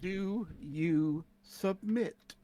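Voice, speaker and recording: A man voicing a stern male adventurer who gives slow, clipped commands in a tabletop game. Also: on the high side, voice pushed down.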